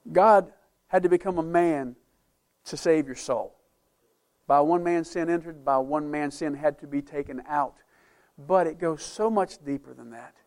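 Emphatic preaching man, slightly high voice. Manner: emphatic preaching, rising and falling loudness; conversational asides to the congregation. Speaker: pastor. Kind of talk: sermon.

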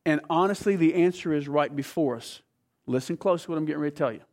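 Pastor, male, from the US, fairly high voice, storytelling sermon that urges listeners to pay attention. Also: quick pace, darkish tone. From United States. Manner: storytelling, urging the congregation to listen.

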